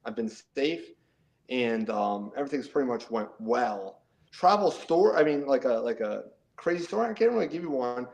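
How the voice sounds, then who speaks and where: On a rough recording, this middle-aged New Jersey/New York guest chats at a moderate pace in a mid-range voice touched with vocal fry. He's lively in the relaxed interview, laughing often and repeating himself.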